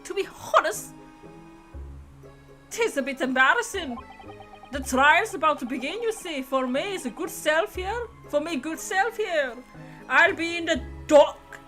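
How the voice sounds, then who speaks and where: A woman's voice: sits high, lively intonation, measured pace, fairly bright tone, faint music behind, pitched above the performer's own voice. Woman doing a rich gent with a shaky Irish lilt. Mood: jovial. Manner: hammy put-on Irish phrasing, giggly. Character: rich, jovial middle-aged gentleman with a forced Irish lilt.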